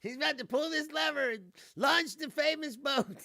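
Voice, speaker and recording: A man's voice: extremely high pitch, moderate pace, vocal fry, pushed and bright, no echo, studio quality. A man hosting his own livestream as a comedian, chatting loosely and laughing often between stories. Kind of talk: casual livestream chat.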